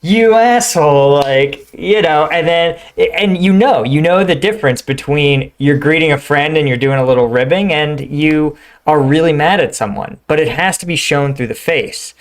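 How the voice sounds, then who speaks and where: A man's voice: a little high, normal speed, few pauses. A middle-aged man hosting a reaction video, talking casually and acting out quoted lines. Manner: conversational, says "right?" and "like" often, acts out quoted lines.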